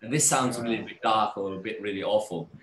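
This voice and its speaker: A man guest telling a personal story in a casual live talk, animated and acting out the voices of people he describes. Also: lowish voice, fast, reverberant, slight background noise.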